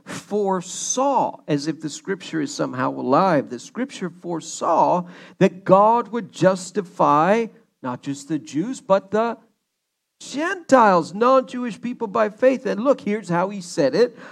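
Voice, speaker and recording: A man preaching a sermon as pastor, animated and joking, acting out the quotes he reads. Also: on the high side, vocal fry. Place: church, streamed online.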